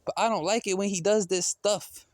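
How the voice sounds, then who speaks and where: A man's voice: high-pitched, steady tone, moderate pace, no echo. Slangy, talkative man vlogging outdoors. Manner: slangy and talkative, calling out to a cat. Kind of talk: casual vlog storytelling. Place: outdoors in a backyard.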